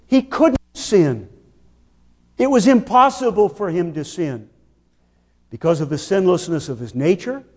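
A man preaching a sermon, slow and emphatic, posing rhetorical questions to his listeners. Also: high voice, darkish tone, long reverb tail.

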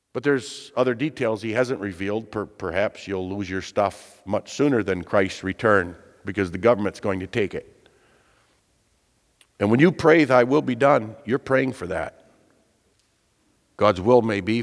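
Earnest man preaching in a reverberant hall. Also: lowish voice. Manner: earnest, emphatic preaching with rhetorical questions. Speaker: pastor. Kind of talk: sermon.

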